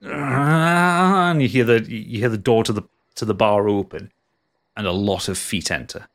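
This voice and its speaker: A man's voice: on the low side, a bit bright. Man, game master, tabletop narration, casual, stop-start delivery. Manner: casual, halting, lots of restarts.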